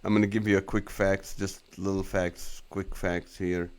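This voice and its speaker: A man's voice: low-pitched, flat delivery, unhurried. A man in his forties, a comedian hosting a casual live stream, reading viewer comments aloud and laughing along with their jokes. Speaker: comedian and show host.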